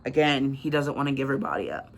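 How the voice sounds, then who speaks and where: Chatty man with a gravelly voice. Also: medium pitch, animated, fast talker, a little hiss or hum. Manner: chatty, filler-heavy, laughs at grim scenes. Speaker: book vlogger. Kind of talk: casual book recap with read excerpts.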